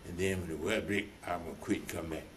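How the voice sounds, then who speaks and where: An older man with a fairly low voice recounts his working life in a loose, rambling way. He slips into other people's voices as he retells conversations, and faint noise hums under the recording. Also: fairly even intonation, fast talker. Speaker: veteran being interviewed. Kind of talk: oral history storytelling.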